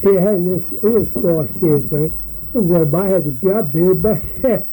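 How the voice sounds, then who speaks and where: A hoarse older man in an oral history interview, his voice very dark and mellow. He rambles through long stories and laughs between remarks, with faint noise behind him. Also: high-pitched, normal speed, poor audio.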